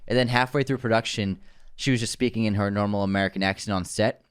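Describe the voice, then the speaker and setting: A man's voice: on the low side, steady tone, fast, smooth, no room sound, studio quality. Chatty man co-hosting a film podcast. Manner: chatty, tells anecdotes with laughs. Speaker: podcast co-host. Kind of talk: casual film podcast chat.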